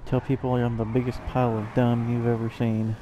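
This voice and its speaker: A man's voice: mid-range voice, monotone, brisk, lo-fi sound, noisy background. A tired man casually commenting while playing a video game, rambling with self-mocking asides. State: yawning, tired. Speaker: let's play host.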